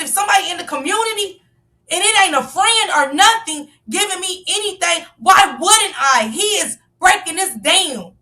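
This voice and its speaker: A woman's voice: extremely high pitch, animated, normal speed, sharp tone, far from the mic. A woman giving passionate live-stream commentary, firing off rhetorical questions and sometimes raising her voice. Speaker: livestream commentator.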